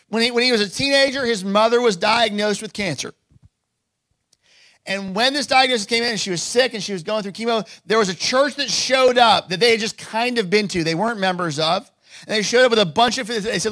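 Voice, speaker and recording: A man's voice: high voice, fairly quick, bright, forceful tone, dry recording. A man preaching a sermon as pastor, telling stories casually with lots of fillers and building to emphatic declarations. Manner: casual storytelling with many fillers.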